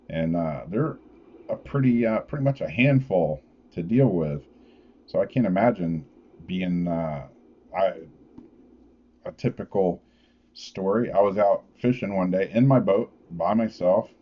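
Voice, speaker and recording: A man's voice: deep voice, dull audio. A man vlogging, telling a casual story in a laid-back, rambling way with lots of fillers.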